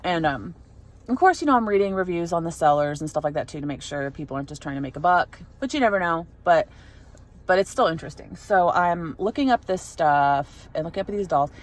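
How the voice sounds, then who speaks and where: A woman's voice: on the low side, expressive, a little fast. A young adult woman telling a story in a casual vlog, rambling with lots of fillers and restarts. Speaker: vlogger.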